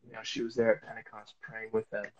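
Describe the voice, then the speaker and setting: A man's voice: fairly low pitch, monotone, quick pace, dull audio. A man speaking as a guest, telling a casual faith testimony in a rambling way with many fillers and restarts.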